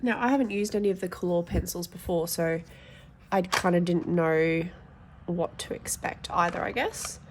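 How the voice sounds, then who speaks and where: Testing swatches for her casual colouring vlog, an adult YouTuber talks frankly and chattily, thinking out loud through a hay-fever-stuffed, nasal voice. It sits on the low side, holds a steady tone at a moderate pace, and carries a slight hiss or hum.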